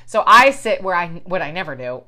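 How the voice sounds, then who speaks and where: A woman's voice: lowish voice, a little fast. Foul-mouthed woman telling a story. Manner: profane, animated storytelling with acted-out quotes. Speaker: storyteller in a chat. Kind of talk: casual chat.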